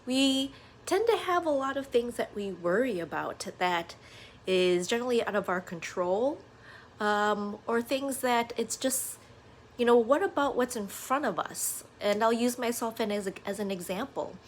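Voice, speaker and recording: A woman's voice: on the high side, expressive, normal speed. Earnest woman in her thirties, casual reflective vlog, filler-heavy delivery, faint room hum. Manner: earnest, conversational, many fillers like "uh" and "you know". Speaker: vlogger. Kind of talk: casual reflective monologue to camera.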